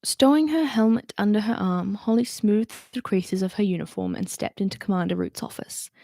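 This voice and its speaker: A woman's voice: mid-range voice, sing-song, normal speed, vocal fry, mellow, no echo. A woman reading a novel aloud and doing voices for the characters, with chatty asides between passages. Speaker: reader.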